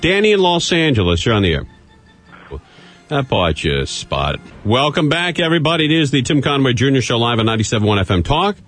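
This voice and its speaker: A man hosting a live call-in radio show, brisk and wisecracking. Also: medium pitch, sing-song, fairly bright tone, soft background music. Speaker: radio talk show host.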